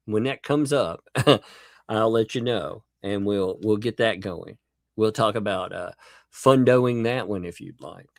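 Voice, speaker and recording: A man's voice: mid-range voice, gravelly, a little mellow, no room sound, studio quality. A man hosting a casual livestream, joking in a mock-dramatic way, laughing often and thanking viewers for their chat messages. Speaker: livestream host.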